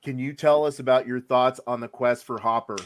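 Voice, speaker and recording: A man's voice: medium pitch, steady tone, fairly quick. A man hosting a casual podcast chat, joking as he leads the discussion. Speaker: podcast host.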